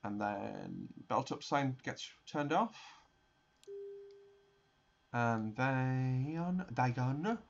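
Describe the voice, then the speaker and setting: A young man rambles through his flight sim gameplay in a chatty, easygoing way, often restarting his sentences. His voice sits at a middling pitch. The recording is slightly muffled, with faint game ambience behind him. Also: lively intonation, very slow, vocal fry, pauses often, a little hiss or hum. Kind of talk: casual gameplay commentary.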